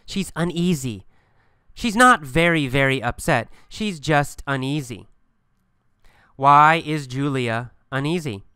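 Bright clear-voiced guy teaching english, asks and answers himself, dry close mic. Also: on the high side, no room sound. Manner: animated, repetitive, emphatic questioning. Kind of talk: storytelling English lesson with question drills.

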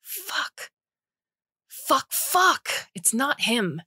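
A woman's voice: medium pitch, expressive, moderate pace, dry recording. Woman reading as a snappy, bitter lady engineer, blunt and impatient, dry close sound. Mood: furious. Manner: sharp, impatient, swearing.

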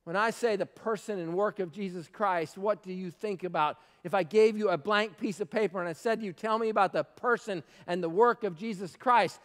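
Male pastor, very high voice, emphatic sermon full of repeated lines, long church hall echo. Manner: emphatic preaching, repeating phrases, swings from shouts to quiet asides. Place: church sanctuary.

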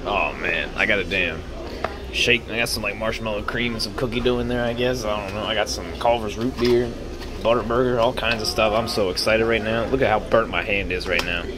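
A man vlogging from a speedway grandstand on a handheld phone, hoarse, loud, excitable and swearing freely. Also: fairly low pitch, brisk. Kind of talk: casual vlog from a race. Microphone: handheld phone camera. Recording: loud crowd and outdoor noise. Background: roaring race crowd.

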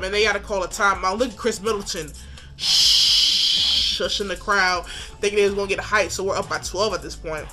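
A man giving excited play-by-play commentary on his own basketball video game, joking and trash-talking as he goes. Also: high voice, normal speed, soft background music. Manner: animated, hypes plays, jokes and trash-talks. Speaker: gaming commentator.

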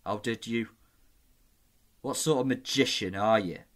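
A man's voice: lowish voice, a little slow, close to an everyday voice. A man reading aloud as a weary, imprisoned noble lord, tired and strained.

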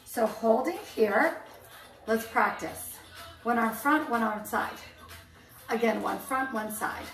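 A woman's voice: fairly high pitch, slow pace, fairly bright tone, distant mic. A woman fitness instructor leading a band workout, counting down reps with upbeat cues and chatty asides. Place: indoor room, filmed alone. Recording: echoey room, off-mic, faint music.

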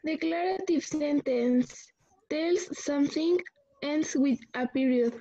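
A young student reading a definition aloud slowly and carefully over a video call. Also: female voice, sits high, mellow, no echo, dull audio.

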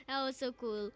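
High-voiced woman reading a spooky game survey. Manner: playful, reads on-screen questions aloud and answers them; jokingly spooked, sometimes puts on a scary voice. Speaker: gamer. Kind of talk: casual gameplay commentary.

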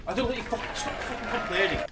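A young man giving loud, excitable, swear-filled gameplay commentary, shouting often. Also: very high voice, rapid-fire, recorded from a distance, over loud music. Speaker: gaming YouTuber.

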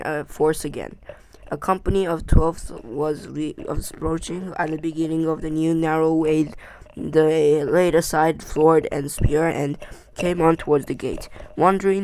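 A home reader reading a fantasy novel aloud, often stumbling, restarting words and filling pauses with "um". The delivery is unpolished and amateur. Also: mid-range voice, a little mellow, low-quality recording. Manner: stumbling, frequent restarts and fillers.

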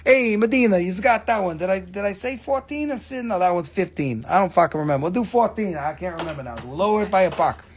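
A man's voice: sits high, expressive, fast talker, hardly any pauses, slightly rough. A man hosting a live crystal sale, rambling and joking as he swears freely and talks to viewers by name. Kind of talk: casual live sales pitch.

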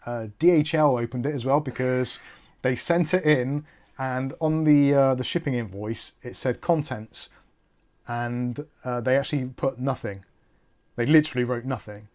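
A man's voice: mid-range voice, moderate pace, a little mellow. A man, hosting a live tech stream in a rambling, jokey way that wanders off topic. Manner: rambling, jokey, self-correcting.

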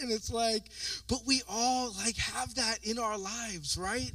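A man preaching a sermon as pastor, telling stories with lively acted-out voices. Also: high voice, moderate pace, no echo, far from the mic, poor audio. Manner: animated storytelling with acted-out voices. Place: church sanctuary.

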